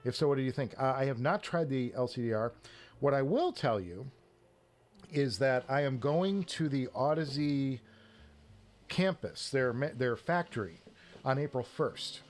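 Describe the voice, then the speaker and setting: A man's voice: medium pitch, lively intonation, measured pace. Rambling man hosting a live stream. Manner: rambling, with restarts and short laughs. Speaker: live stream host reviewing headphones. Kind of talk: casual live stream chat.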